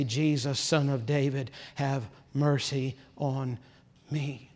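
A male pastor preaching a sermon, swinging between hushed, quiet passages and rising, impassioned build-ups. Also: on the high side, in a large hall.

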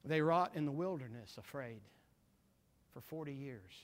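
A man preaching a sermon with passion, repeating words for emphasis and swinging from loud declarations to hushed single words. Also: mid-range voice, expressive, normal speed. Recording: long reverb of a large hall.

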